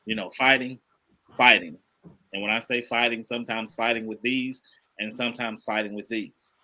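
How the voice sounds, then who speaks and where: Bright-voiced earnest father, preaching softly. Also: fairly low pitch, little pitch movement, brisk, low-quality recording. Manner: earnest, preachy, emphatic repetition. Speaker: podcast guest, father. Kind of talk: casual conversation.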